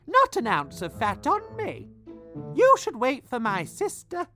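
A small, clever nanny goat pleads in a raised, lively voice, as a man plays her for a storybook. Her pitch jumps around eagerly. Soft music sits underneath. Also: measured pace, heavily acted. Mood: pleading.

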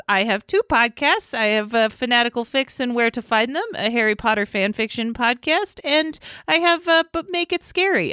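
A woman's voice: on the high side, fairly bright tone, clear, resonant tone, no room sound, clean studio sound. A woman guesting on a podcast, chatting playfully and laughing often. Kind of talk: casual chat.

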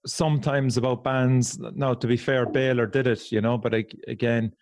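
A man hosting a casual interview, chiming in with quick exclamations and chatty follow-up questions. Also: medium pitch, fairly even intonation, a little mellow, no room sound, studio quality. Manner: reacts with short exclamations, chatty. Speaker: podcast host.

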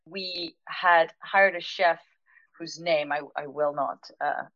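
A woman's voice: deep voice, takes it slowly, dry recording, lo-fi sound. A woman who owns a restaurant recounts an anecdote, laughing often and acting out the lines of the people in her story. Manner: lively, laughs often, acts out quoted dialogue. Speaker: restaurant owner telling a story.

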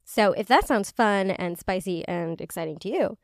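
A woman's voice: mid-range voice, lively intonation, normal speed. A woman hosting a casual solo podcast, chatty and swearing freely, with lots of "like". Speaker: podcast host.

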